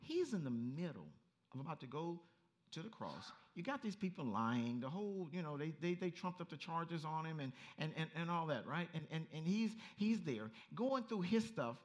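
A male pastor preaching a lively, story-driven sermon and acting out voices as he goes. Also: a little high, normal speed. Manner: animated storytelling, acts out voices, laughs.

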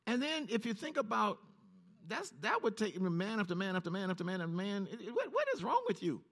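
Animated preacher man. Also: fairly quick. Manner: reads scripture low and steady, then rises sharply in pitch when preaching. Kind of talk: sermon with scripture reading.

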